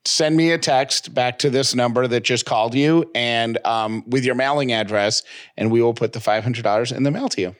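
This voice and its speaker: A man's voice: mid-range voice, normal speed. A man from upstate New York co-hosting a casual podcast, upbeat and chatty as he talks with a caller. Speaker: podcast co-host.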